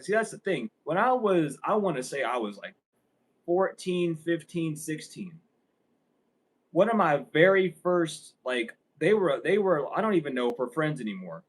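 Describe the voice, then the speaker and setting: A young man talks straight to camera in a loose, rambling monologue, cursing freely and breaking into laughter. His voice sits a touch high for a man. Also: lively intonation, normal speed, rough recording. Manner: profane, rambling, laughs often. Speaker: vlogger. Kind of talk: casual storytelling monologue.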